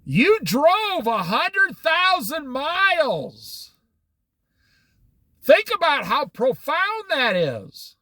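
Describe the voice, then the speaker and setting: A very high-voiced man teaches a casual Bible study on the Oregon coast, and there's no echo on the recording. Lively throughout, he performs brief conversations between God and people.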